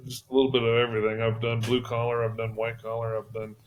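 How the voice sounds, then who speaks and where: A man being interviewed as an entrepreneur and mentor, telling stories in a relaxed way with restarts and chuckles. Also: mid-range voice, quick pace, slight background noise. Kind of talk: casual interview talk.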